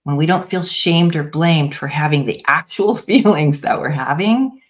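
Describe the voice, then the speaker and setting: A woman guest, a practitioner of parts therapy, explaining her approach gently with frequent pauses and restarts in an interview. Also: low voice.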